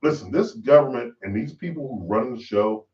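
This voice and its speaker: A man hosts a podcast in a loud, preachy rant full of profanity. His pitch leaps up and down as he pushes his points. The sound is dull and lo-fi, picked up from a distance in a roomy space. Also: animated, moderate pace. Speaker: podcast host. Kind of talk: ranting monologue.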